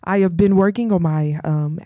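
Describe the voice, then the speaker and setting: A woman's voice: on the low side, normal speed, warm tone, dry recording. A woman co-hosting a podcast, chatting casually and playfully with her co-host, often laughing and teasing. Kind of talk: casual chat.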